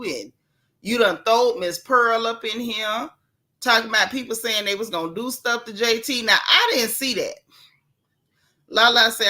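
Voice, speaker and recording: Greeting her viewers by name mid-commentary, a livestream gossip host from Central Florida keeps things casual, sassy and blunt. Her voice sits a little high, bright and forceful, at a moderate pace.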